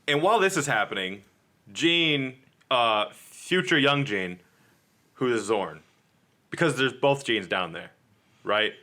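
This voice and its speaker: A man's voice: mid-range voice, lively intonation, slow, pauses often, pushed and bright. A man co-hosting a podcast, casually recapping comic book issues and acting out the characters' lines. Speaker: podcast co-host.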